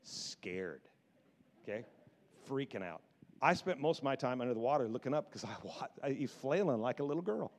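A middle-aged man preaching a sermon as pastor, animated, often repeating words and acting out quotes from scripture. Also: mid-range voice, normal speed, a little hiss or hum.

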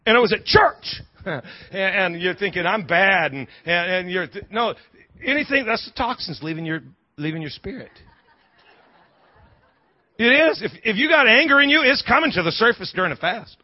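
A male pastor preaching a sermon in an animated, humorous way, with quick asides and lots of repeated words. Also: high voice, dry recording, muffled recording.

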